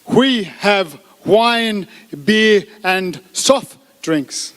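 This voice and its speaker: A bemused barman behind a foreign bar, as a man puts him on mid-joke. The voice jumps up high and the words come slowly and drawn out. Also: lively intonation, a bit bright, long reverb tail, exaggerated voice. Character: male barman abroad, bemused.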